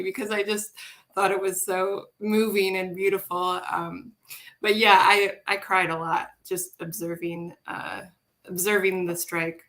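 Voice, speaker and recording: Woman folklorist with a bright, tense voice and a flat delivery, speaking reflectively on a panel. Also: lowish voice, a little slow. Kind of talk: roundtable discussion.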